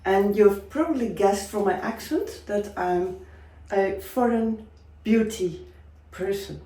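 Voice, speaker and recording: A woman's voice: mid-range voice, warm tone, roomy sound, recorded from a distance, lightly acted, low-quality recording. A woman playing a gushing Dutch beautician. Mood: eager. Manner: slow, gushing saleswoman. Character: eager Dutch beautician promoting her treatment.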